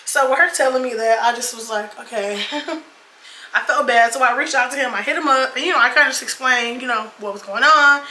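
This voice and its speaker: This get-ready-with-me storytime comes from a young woman in her twenties, a beauty vlogger, who recounts a date while applying makeup, swearing casually and addressing viewers as y'all and girl. She sounds high and sharp, lively, at normal speed. Expect an echoey room, faint ambience and a little hiss or hum.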